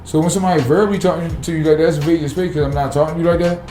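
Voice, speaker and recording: Fast, fired-up man, roomy sound. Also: on the high side, fairly even intonation, dark tone, faint music behind. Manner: blunt, profane, fired-up. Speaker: city sanitation worker, guest. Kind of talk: casual podcast interview.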